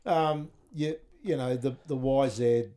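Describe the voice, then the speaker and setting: A man's voice: mid-range voice, fairly even intonation, unhurried, crowd noise. A man hosting a casual chat, blunt and swearing freely as he tells a story. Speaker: podcast host.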